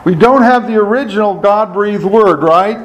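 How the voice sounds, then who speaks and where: A man's voice: high-pitched, moderate pace, low-quality recording. A man giving a sermon as a Bible teacher, asking his listeners questions, answering them himself and repeating key words for emphasis.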